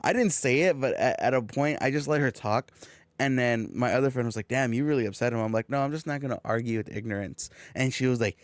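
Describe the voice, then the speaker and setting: Young man, casual podcast storytelling, swears a lot, middle pitch, dry close sound. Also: quick pace, dry recording. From California. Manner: swearing, animated storytelling with quoted back-and-forth. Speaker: podcast co-host.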